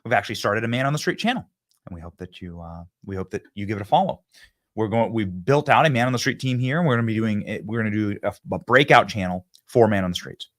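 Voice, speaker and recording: A man's voice: lowish voice, animated, quick pace. A man in his thirties hosting a political commentary show, talking emphatically and repeating himself as he builds to punchy lines. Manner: emphatic, repetitive, rising to near-shouts when acting out debate lines. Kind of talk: animated political monologue.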